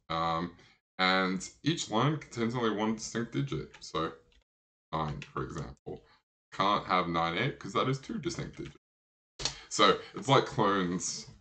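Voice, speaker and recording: Young male host, low-pitched but bright and forceful, chatty and rambling with plenty of fillers, casual puzzle walkthrough. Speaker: sudoku channel host.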